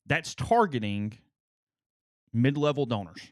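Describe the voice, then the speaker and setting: A man with a mid-pitched voice co-hosts a casual sports talk podcast. He talks in an animated way and often mimics the people he quotes. The recording is dry and close-miked. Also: a little slow, no echo. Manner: animated, mocking impressions in quotes. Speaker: podcast co-host.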